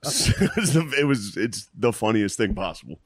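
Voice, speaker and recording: A young man with a low voice tells stories in a loose, casual comedy chat. His pitch swings widely as he acts out the voices in his stories. The sound is close and dry. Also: moderate pace, breathy edge, no room sound. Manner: animated storytelling, acts out quotes, laughs often.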